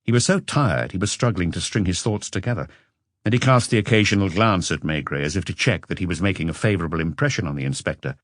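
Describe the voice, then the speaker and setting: A man narrates a mystery novel in a calm, measured reading style. His voice is very deep. The recording is close and dry. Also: no echo. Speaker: audiobook narrator. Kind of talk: scripted narration.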